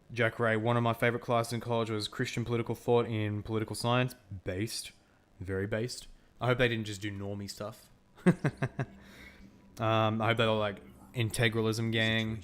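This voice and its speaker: A man's voice: on the low side, fairly bright tone. A young Australian man chatting casually while streaming a strategy game, laughing often and answering his chat. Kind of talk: casual gameplay commentary with chat.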